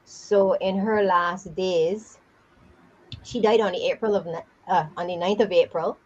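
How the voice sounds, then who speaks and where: A woman's voice: on the low side, steady tone, a little slow, muffled recording. A woman co-hosting a casual live chat show, talking emphatically and repeating key points for effect.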